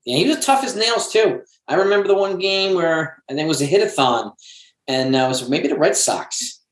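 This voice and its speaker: A man as guest on a casual sports podcast, talking in a relaxed, agreeable, reflective way. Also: high-pitched, normal speed. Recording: echoey room.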